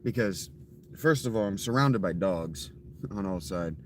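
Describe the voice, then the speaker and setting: A man's voice: sits low, lively intonation, unhurried, slight background noise. A man streaming a survival game live, chatting casually with viewers in a dry, offhand, often profane way. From Ohio.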